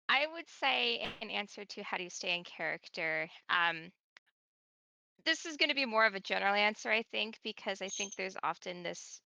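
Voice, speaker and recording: A woman's voice: medium pitch, lively intonation, moderate pace, vocal fry, bright, forceful tone, no room sound. A woman guest on a casual Q&A stream, explaining her thoughts at length. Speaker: panel guest. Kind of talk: casual livestream Q&A.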